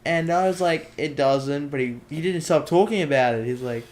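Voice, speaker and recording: A teenage boy, chatting and joking on a casual podcast. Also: fairly quick. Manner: joking, jumpy pitch. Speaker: podcast host. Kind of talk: casual chat.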